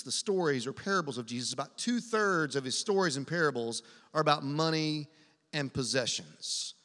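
A man's voice: on the high side, pushed and bright, big-room sound. A man preaching a sermon, talking conversationally and emphatically and asking the congregation to answer back. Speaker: pastor.

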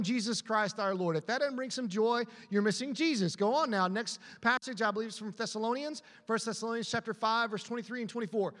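Very high-pitched and a bit bright, this pastor speaks a little fast with few pauses, his voice carrying the sound of a big room. In a church auditorium he preaches with emphatic repetition and call-and-response questions, urging the congregation to answer back.

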